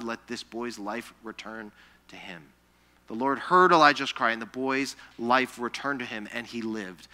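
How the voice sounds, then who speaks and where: A man preaching a sermon, telling scripture stories in an animated way, acting out the people he quotes, and dropping soft and slow when he reads the verses. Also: medium pitch. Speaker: pastor. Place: church sanctuary.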